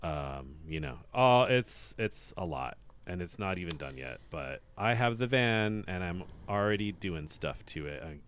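A man's voice: low-pitched, lively intonation, unhurried, hardly any pauses, background noise. A man co-hosting a podcast in casual chat, laid-back and chuckling, trailing off into fillers. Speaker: podcast co-host.

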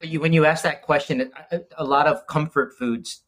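Relaxed man musing about comfort food. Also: fairly high pitch, moderate pace. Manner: relaxed, thoughtful, chimes in. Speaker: guest. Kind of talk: casual chat.

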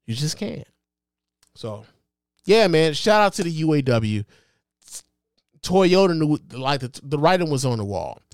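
A man's voice: on the high side, dry recording. A man hosting his own podcast, giving impassioned, profane solo commentary with lots of repetition and emphasis into a close mic. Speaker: podcast host.

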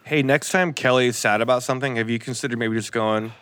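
A man's voice: mid-range voice, fast talker, fairly bright tone. A man co-hosting a podcast in casual chat, full of jokes and ribbing. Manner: joking, ribbing. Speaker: podcast co-host.

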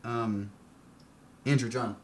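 A man's voice: mid-range voice, steady tone, slow pace, a little mellow, a little hiss or hum. Rambling, profane male podcast co-host. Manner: loose, profane, rambling reactions. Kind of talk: casual comedic banter.

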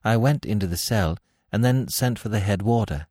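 A man's voice: on the low side, moderate pace, darkish tone, no room sound, clean studio sound, natural voice. A man voicing a nervous male prison warder who answers in a subdued, hesitant, dogged way in an audiobook reading.

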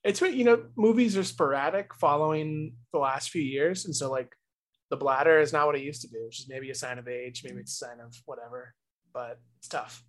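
A man's voice: mid-range voice, steady tone, a little fast, poor audio. A man co-hosting a podcast, chatting casually in a joking, rambling way with restarts. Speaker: podcast co-host. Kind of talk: casual chat.

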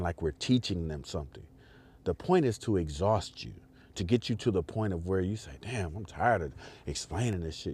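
A man hosts a podcast, speaking directly to listeners in an impassioned political commentary that is emphatic, repetitive and profane. His voice sits low, mellow and husky.

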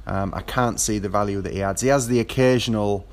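A man's voice: on the low side, fairly even intonation, brisk. A man talking about his football team in a casual monologue, rambling with many fillers and restarts. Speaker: football fan.

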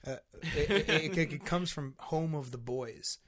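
A man's voice: on the high side, measured pace, a bit bright. A man in casual chat, rambling with many restarts and frequent swearing. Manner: rambling, profane, hesitant restarts.

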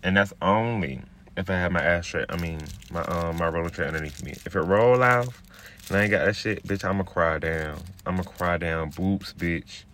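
A man's voice: normal speed, fairly bright tone, slight background noise. A man, ranting on his podcast in a brash, profane, casual way. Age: 20s. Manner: drops into a low, laid-back murmur while rolling a blunt. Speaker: podcast host. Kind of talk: casual rant.

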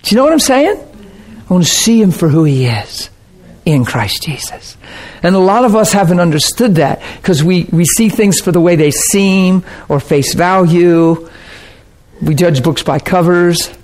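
A male preacher delivering a sermon in a conversational, earnest tone. His voice sits a little high for a man, and he keeps turning to the crowd to ask if they follow. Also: lively intonation, normal speed, darkish tone. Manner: earnest, conversational, often checks in with the audience.

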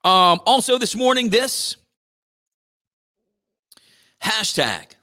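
Male morning radio host, loose and jokey, bright forceful tone, a bit high-pitched. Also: expressive, a little fast. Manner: rambling, joking, does playful robot voices.

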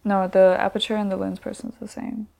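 A woman in her twenties, a podcast guest, chatting casually in relaxed, slangy talk full of "like". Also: medium pitch, fairly quick, gravelly. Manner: relaxed, slangy, many "like" fillers. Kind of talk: casual chat.

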